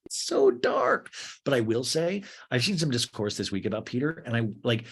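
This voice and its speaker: Animated, husky male podcast host. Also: mid-range voice, normal speed. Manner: animated, sarcastic, swears freely, acts out voices. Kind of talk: casual gossipy TV recap.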